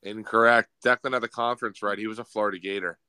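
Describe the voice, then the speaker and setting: A man's voice: on the low side, steady tone, quick pace, sharp tone, clear, resonant tone, no echo, poor audio. A young man hosting a casual sports quiz on a podcast, teasing the players and calling out the score. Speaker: podcast host, quizmaster.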